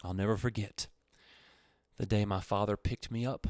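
A man's voice: steady tone, normal speed, no room sound. Impassioned preacher, man, dry studio sound. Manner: impassioned, swelling loud and high then dropping low. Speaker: pastor. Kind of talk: radio sermon.

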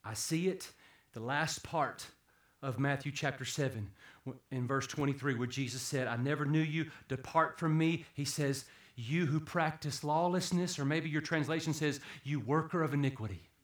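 A man preaching a sermon, swinging from hushed, low passages to loud, emphatic peaks. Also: normal speed, few pauses, roomy sound. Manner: dramatic swings from hushed to shouting.

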